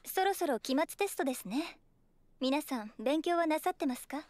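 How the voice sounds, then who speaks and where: High-pitched anime schoolgirl. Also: animated, fast, darkish tone, dry recording. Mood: polite. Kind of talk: anime dub acting.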